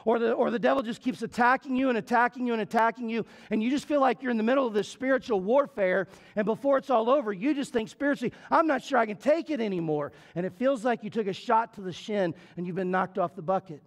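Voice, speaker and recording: A man's voice: very high-pitched, fast, few pauses. A middle-aged male pastor preaching a sermon in a church, telling a story in a folksy, playful way and building into repetitive preaching. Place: church sanctuary.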